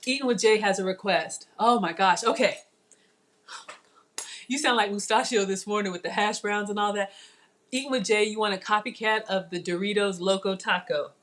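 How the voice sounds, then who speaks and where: A middle-aged woman hosting a casual live-stream cooking demo from her home kitchen, chatty and excitable, talking straight to her viewers. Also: mid-range voice, moderate pace, slight background noise. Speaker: cooking show host.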